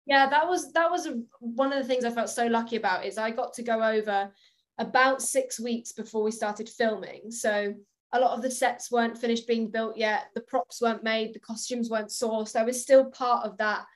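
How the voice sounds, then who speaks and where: A young woman telling stories from a film set in a casual interview. Her voice sits a little high and she laughs easily as she talks. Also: moderate pace. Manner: giggly, animated storytelling. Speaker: actress, guest.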